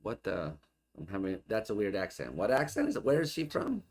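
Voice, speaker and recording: Deep-voiced man reacting casually. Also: very animated, a little fast, a little mellow. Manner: muses aloud, questioning and puzzling over points. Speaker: host reacting to an archive video. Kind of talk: casual thinking-aloud reaction.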